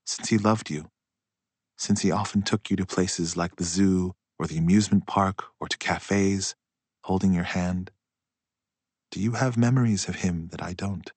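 Low-voiced guy narrating an audiobook, quiet and reflective, super dry close sound. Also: steady tone, breathy edge, no room sound. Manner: slow, hushed and reflective.

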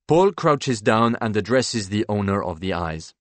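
A man narrating a literary first-person story in a wry, expressive, measured manner. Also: on the low side, dry recording. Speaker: audiobook narrator.

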